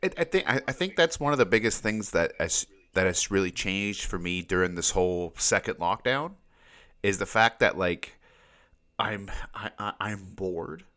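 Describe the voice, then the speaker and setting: A very deep-voiced man talking casually on a podcast. He rambles along, tripping over repeated words and often breaking into laughter. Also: animated, moderate pace, bright, forceful tone. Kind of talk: casual chat.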